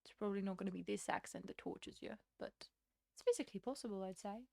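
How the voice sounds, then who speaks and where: A woman in her twenties talks casually to her stream from a room at home, wandering from one thought to the next and poking fun at herself. She laughs easily between sentences. Her voice sits at an ordinary middle pitch, recorded close and dry with no room echo. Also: fast talker, gravelly, warm tone. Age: 20s. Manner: rambling and self-deprecating, laughs often. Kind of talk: casual livestream chat.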